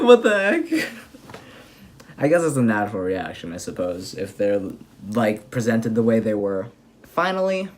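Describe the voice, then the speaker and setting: A young man casually recapping an anime episode, rambling and excitable with lots of fillers and restarts. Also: mid-range voice. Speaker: anime reviewer.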